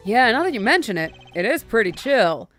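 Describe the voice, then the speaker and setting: A woman voicing an eager, excitable young male assistant who talks in quick exclamations. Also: on the high side, dry recording, faint music behind. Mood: excited.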